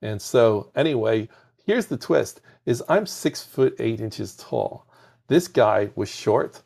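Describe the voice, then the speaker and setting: A man, a podcast guest, telling animated anecdotes with a softened foreign accent, often repeating words as he starts sentences. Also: mid-range voice, slow, creaky. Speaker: podcast guest, game industry founder. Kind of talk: conversational storytelling.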